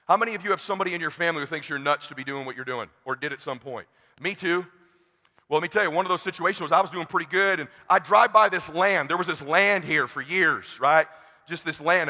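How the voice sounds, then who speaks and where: A man giving a motivational keynote, telling stories and acting out the people in them in an animated way. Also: high-pitched, creaky. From Southern California. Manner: animated, acts out characters in his stories. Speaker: motivational speaker. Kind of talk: stage keynote storytelling. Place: large conference hall. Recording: echoey hall.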